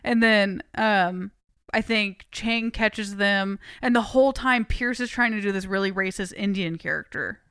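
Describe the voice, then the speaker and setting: Smooth-voiced woman chatting, close dry mic. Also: medium pitch, measured pace, fairly bright tone, no echo. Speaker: podcast co-host. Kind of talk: casual movie discussion.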